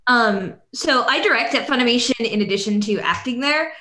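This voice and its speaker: A woman with a bright, forceful, slightly high voice tells a story on a panel and acts out the lines of the people in it. Her voice rings in an echoey room, and her delivery is lively and animated. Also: fairly quick. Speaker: voice actress and director. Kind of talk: casual anecdote.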